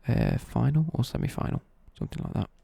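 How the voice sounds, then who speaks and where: A man's voice: mid-range voice, wildly swooping pitch, fast, gravelly, dark tone, slightly rough, dry recording. A young man, chatting casually on a live stream, rambling, correcting himself and swearing lightly as he answers viewer questions. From East Midlands, England.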